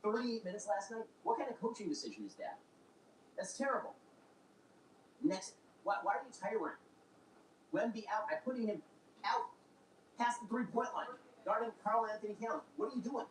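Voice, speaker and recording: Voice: medium pitch, lively intonation, normal speed, long pauses. A commentator ranting indignantly and firing off rhetorical questions, heard as a played clip. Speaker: political commentator. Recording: echoey, distant, faint background noise.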